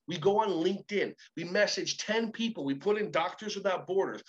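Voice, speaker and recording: A man with a high-pitched voice speaks as a motivational coach. He tells energetic stories and switches between his own voice and the voices of the people he quotes. The audio is a little dull and muffled. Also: a little fast, few pauses. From Israel. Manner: energetic, acts out both sides of conversations. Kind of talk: animated storytelling talk.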